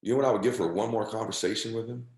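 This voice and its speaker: A man's voice: fairly low pitch, rapid-fire, a little mellow, echoey room. A middle-aged man telling an emotional story as a motivational speaker, intense and emphatic. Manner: intense, emphatic, calls listener "bro".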